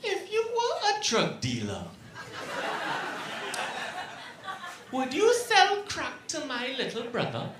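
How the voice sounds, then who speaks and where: Man playing a shrill Trinidadian wife. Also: wildly swooping pitch, unhurried, heavy background noise, full character voice. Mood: suspicious. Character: upset Trinidadian wife, adult woman, quick to anger. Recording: echoey club room with ambience.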